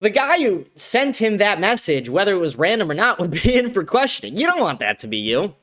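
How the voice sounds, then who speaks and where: A man's voice: sits high, very animated, brisk, a bit bright. A young man hosting a live stream, reacting to clips and reading chat aloud with crude, sarcastic commentary and frequent laughter.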